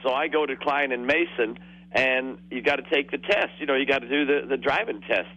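On a muffled radio phone line, a man in his sixties calls in to tell rambling stories, laughing as he goes. His medium-pitched voice is pushed and bright, and he talks a little fast.

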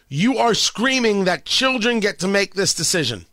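A man's voice: high voice, very animated, a little slow, sharp tone, no echo. A man hosting a radio talk show, delivering an emphatic, sarcastic opinion monologue and repeating phrases for effect. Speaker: radio host.

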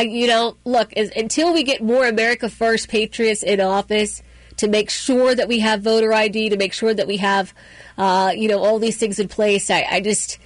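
A woman's voice: mid-range voice, no echo. A woman hosting a political talk radio show, opinionated and sarcastic, with frequent fillers and restarts.

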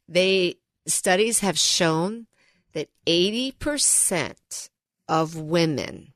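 A woman's voice: lowish voice, lively intonation, drawn-out words, a bit bright, no echo. Earnest woman radio co-host, dry studio. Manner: earnest, storytelling, emphatic. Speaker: financial advisor and co-host. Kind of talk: radio talk show chat. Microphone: studio mic.

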